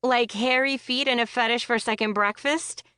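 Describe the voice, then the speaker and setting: A woman's voice: a little high, fairly even intonation, normal speed, sharp tone, clean tone, no room sound, clean studio sound, pitched above the performer's own voice. A woman voicing a brash, foul-mouthed young woman who teases her friend with sarcasm, in an audiobook. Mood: mocking. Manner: sarcastic, teasing, crude.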